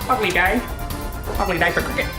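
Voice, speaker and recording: A man's voice: sits high, fast talker, pushed and bright, voice pushed up. Man as looping sing-song cricket announcer, roomy echo over music. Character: sing-song repetitive male cricket commentator.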